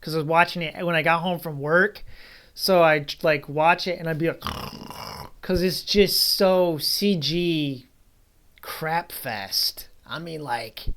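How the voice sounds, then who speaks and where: A man's voice: on the high side, a bit bright. A man giving a casual spoken movie review, rambling and bluntly dismissive, with frequent asides.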